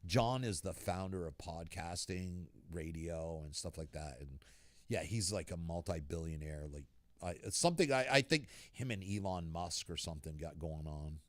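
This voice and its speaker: A man's voice: low voice, moderate pace, dry recording. A man with a rural New England accent hosting a casual podcast chat, swearing freely and laughing as he tells stories. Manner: profane, laughing storyteller. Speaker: podcast host.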